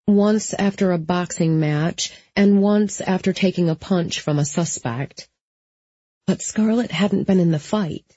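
A woman narrating an audiobook in a steady, even storytelling manner. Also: on the low side, husky, dry recording, highs cut off.

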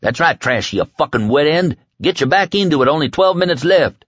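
A man's voice: a little high, expressive, a little fast, fairly bright tone, dry recording, voice pushed up. A man voicing a crazed, reckless young man who sings crude songs, barks orders and swears. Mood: taunting singsong. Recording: dry dull lo-fi audio.

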